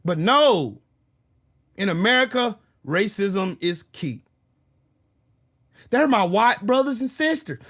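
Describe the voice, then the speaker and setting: A man hosting his own channel, delivering a heated, profane political rant that bursts into shouting. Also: sits high, sing-song, slow pace, long pauses. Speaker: political commentary channel host.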